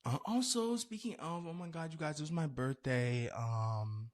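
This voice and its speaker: A man in his twenties hosting a podcast, telling stories in a loose, animated way with playful asides. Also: fairly high pitch, normal speed. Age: 20s. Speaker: podcast host. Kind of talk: casual chat.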